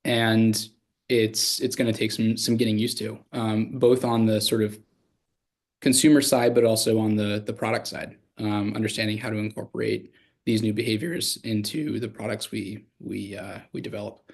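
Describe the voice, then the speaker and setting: A man speaking as a guest on a panel discussion, halting and repeating words as he talks. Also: on the low side, steady tone, vocal fry.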